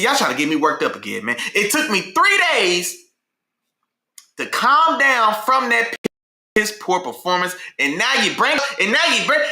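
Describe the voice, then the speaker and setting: A man hosting a casual sports talk show, speaking in a slangy, animated way and repeating himself when worked up. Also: high-pitched, echoey room. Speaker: sports podcast host.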